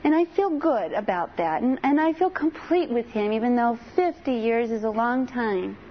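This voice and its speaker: A woman voicing a shy, wistful seventy-five-year-old widow, soft and hesitant. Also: fairly high pitch, expressive, normal speed, dull audio, slight background noise, lightly acted. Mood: musing.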